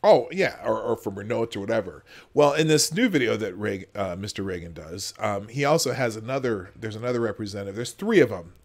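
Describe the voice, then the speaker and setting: A man's voice: on the low side, animated, fairly quick, few pauses. A man hosting a livestream, chatting casually and rambling with many restarts. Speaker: host.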